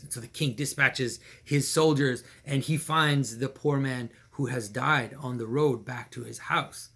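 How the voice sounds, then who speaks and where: Animated man retelling a legend. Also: mid-range voice, measured pace, creaky, hardly any pauses, breathy edge. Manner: animated, repetitive, with small laughs and restarts. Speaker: storyteller and commentator. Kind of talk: casual storytelling of a legend.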